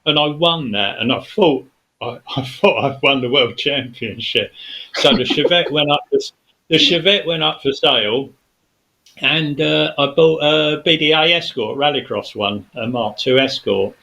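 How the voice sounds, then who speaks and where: A man's voice: medium pitch, unhurried, vocal fry, sharp tone, poor audio. A man, a studio guest telling a long story in casual chat, rambling with many fillers and restarts.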